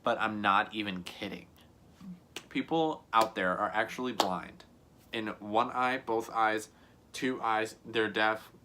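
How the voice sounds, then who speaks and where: A man's voice: lowish voice, slow pace, noisy background. A young man telling a casual storytime vlog to camera, rambling and earnest, full of "like" and "you know what I mean". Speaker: YouTuber.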